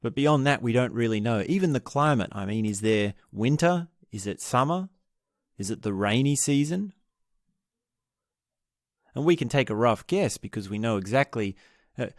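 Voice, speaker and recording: A man's voice: mid-range voice, expressive, normal speed, no room sound, studio quality. A man hosting a book podcast, retelling a historical story in a casual, thinking-aloud way with restarts and asides. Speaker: podcast host.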